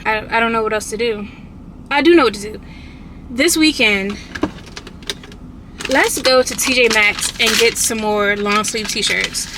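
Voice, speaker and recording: Young woman, casual car vlog, bright voice, slightly high, faint road noise. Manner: chatty, animated storytelling with quoted outbursts. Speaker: vlogger. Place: inside a car.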